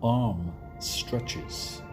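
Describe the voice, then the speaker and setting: A man's voice: mid-range voice, over music. A man with a British English accent teaching running vocabulary outdoors at a track, in simple phrases with fillers. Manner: halting, many fillers, clear simple phrases. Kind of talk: slow spoken vocabulary lesson with commentary.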